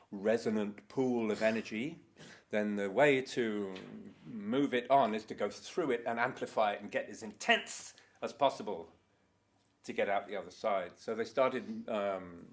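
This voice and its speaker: Older man, conference speaker, rambling, casual, occasional swearing. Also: lowish voice. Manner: rambling, swears, laughs at own stories. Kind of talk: conference talk. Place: conference hall.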